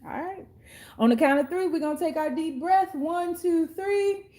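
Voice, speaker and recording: A woman tarot card reader in a casual reading monologue, talking bluntly, sassily and with plenty of profanity in slangy, drawn-out street talk. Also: very high-pitched, mellow.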